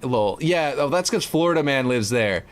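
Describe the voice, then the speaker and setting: A man's voice: mid-range voice, lively intonation, normal speed. A man from Louisiana with a light Louisiana accent, chatting casually and rambling while he builds a game map on a livestream. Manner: rambling, lots of fillers, laid-back.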